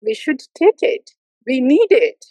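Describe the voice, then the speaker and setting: A high-pitched woman gives a devotional talk, teasing her listeners and then pressing them to take it seriously. Her voice sounds dry and close, with almost no room in it. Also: very animated, measured pace, no echo, poor audio. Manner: playful, mimics complacent listeners with soft laughs. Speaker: spiritual teacher.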